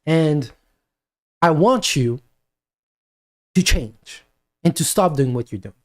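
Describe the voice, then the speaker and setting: A man's voice: a little high, lively intonation, takes it slowly, dry recording, clean studio sound. A man playing an earnest parent who sits his daughter down and insistently coaxes her to listen. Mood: pleading. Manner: coaxing, insistent, repeats himself.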